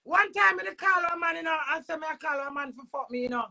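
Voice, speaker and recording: Woman, Jamaican accent, middle-aged, gravelly, slightly high, profane, emphatic vlog rant. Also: fast. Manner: profane, emphatic, with sudden loud outbursts and laughs. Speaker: vlogger. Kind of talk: heated personal rant to camera.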